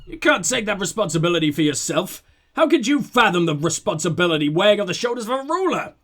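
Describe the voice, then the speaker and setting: A stubborn, dignified old guard, voiced by a man in a let's play reading who keeps everyone at arm's length. His lines come out lower than the reader's own voice, aloof and clipped, with a lively, rising and falling delivery. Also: quick pace, full character voice. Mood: proud.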